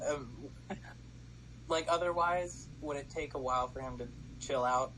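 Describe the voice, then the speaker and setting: A man's voice: on the high side, normal speed, pushed and bright, low-quality recording. A man playing in a casual tabletop game, practical and asking rules questions, with faint background noise. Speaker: player.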